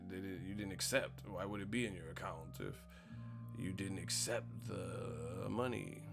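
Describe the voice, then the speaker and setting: Ranting, gravelly-voiced male streamer. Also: sits low, lively intonation, a little slow, over music. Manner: ranting, profane, incredulous, laughing at his own points. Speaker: live-stream host. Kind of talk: casual live-stream commentary.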